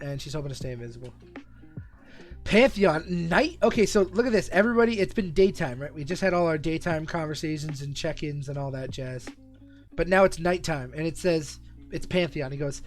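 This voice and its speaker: A young man with a somewhat high voice rambles through live stream reaction commentary. He talks in an excitable, loose way and curses freely. Soft music plays faintly behind him. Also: fairly quick. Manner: excitable, profane, rambling banter with frequent laughs.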